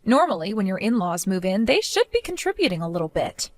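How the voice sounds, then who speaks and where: A woman voicing a defiant, mocking young daughter-in-law in an animated story, speaking in a sarcastic way. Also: medium pitch, brisk, dry recording, natural voice. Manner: sarcastic, mocking, laughs often.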